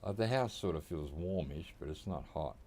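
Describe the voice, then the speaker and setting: A man's voice: low-pitched, expressive, normal speed, dark tone. An Australian man streaming from home, giving laid-back, rambling gameplay commentary and chuckling often. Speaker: game streamer.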